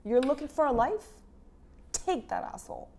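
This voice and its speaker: Woman doing a furious goddess, shrill and indignant, mellow tone underneath. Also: expressive, moderate pace. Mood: outraged. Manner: indignant, shouting in outrage.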